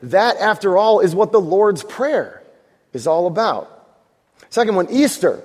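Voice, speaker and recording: A man's voice: high-pitched, very animated, unhurried, long reverb tail. A man preaching a sermon to a congregation, conversational and joking, asking the room for amens. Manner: conversational preaching with jokes and audience prompts. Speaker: pastor.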